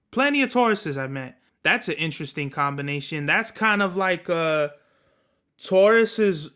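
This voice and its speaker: Flying solo on his podcast, this man wanders through his views with plenty of slang and frequent swearing. He has a smooth, bright, somewhat tense voice that sits slightly higher than most men's.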